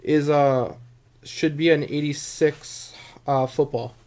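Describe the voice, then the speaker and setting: A man hosting a live stream, opening sports card packs, joking casually and clearing his dry throat often. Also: fairly high pitch, fairly even intonation, slow, a little mellow, slight background noise.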